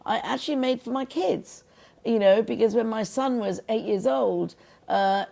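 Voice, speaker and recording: A woman's voice: fairly high pitch, normal speed, gravelly, mellow. A middle-aged woman, a film director and guest, talking earnestly in an interview and telling stories with quoted voices. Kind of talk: interview conversation.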